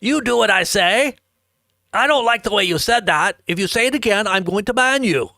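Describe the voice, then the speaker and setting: A man's voice: high voice, animated, normal speed, vocal fry, bright, forceful tone, dry recording, studio quality, pitched above the performer's own voice, heavily acted. A man mocking a bossy, self-important online moderator in a scolding tone. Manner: haughty, scolding.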